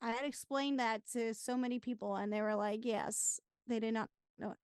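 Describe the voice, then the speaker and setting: A young woman co-hosting a podcast, chatting casually through a movie watch-along with soft murmured reactions and chatty asides. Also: a little high, steady tone, moderate pace, few pauses, clean tone, no room sound, clean studio sound. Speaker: podcast co-host.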